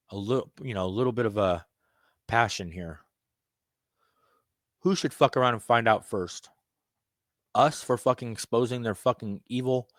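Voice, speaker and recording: A man's voice: mid-range voice, no echo. Profane rambling man, dry close sound. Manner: profane, rambling, conspiratorial, swings between loud and muttered. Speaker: self-styled candidate addressing viewers. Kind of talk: ranting monologue.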